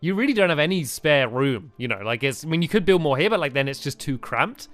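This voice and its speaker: A man's voice: on the high side, lively intonation, fast, fairly bright tone, dry recording. A man co-hosting a gaming video, chatting casually, laughing a lot and playfully teasing his partner. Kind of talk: casual gameplay chat. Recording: light background music.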